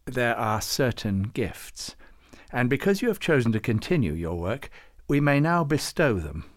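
A man's voice: mid-range voice, very animated, unhurried, no room sound, clean studio sound. A man voicing a solemn old male saint who leads a council, speaking in a stately, intoning way in a storybook reading. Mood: kindly. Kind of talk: storybook character voice.

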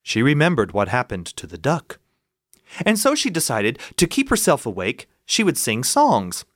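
A man from South Carolina, telling a story and breaking into high squawking bird noises. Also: wildly swooping pitch, moderate pace, dry recording, studio quality.

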